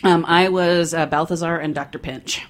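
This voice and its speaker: An upbeat talk show host chats casually with a guest. The voice sits in a middle pitch and the host laughs often while telling stories. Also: fairly even intonation, normal speed, fairly bright tone. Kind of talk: casual chat.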